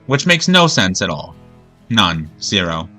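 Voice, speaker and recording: A man's voice: sits low, big pitch swings, measured pace, pushed and bright, soft background music. A man streaming a video game and ranting in a rambling, profane, exasperated way. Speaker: gaming streamer. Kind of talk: gameplay commentary rant.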